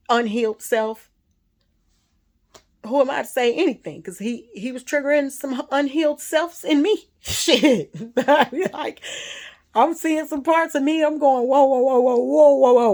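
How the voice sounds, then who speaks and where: Loud, laughing woman with a gravelly voice. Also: fairly high pitch. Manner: loud, laughs often, animated storytelling. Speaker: spiritual vlogger. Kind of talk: casual monologue.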